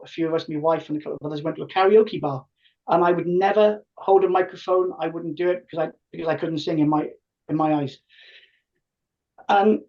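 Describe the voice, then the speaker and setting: A man in his fifties who sings in a tribute band tells stories as a podcast guest in a casual, animated way, acting out quoted dialogue. His voice is slightly high, and he sounds far from the mic on muffled, lo-fi audio.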